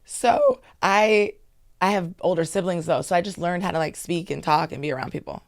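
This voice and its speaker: Lively storytelling woman with gravelly low voice. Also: moderate pace, no echo, clean studio sound. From Maryland, US. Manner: lively, animated storytelling with asides. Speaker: interview guest. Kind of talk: casual storytelling.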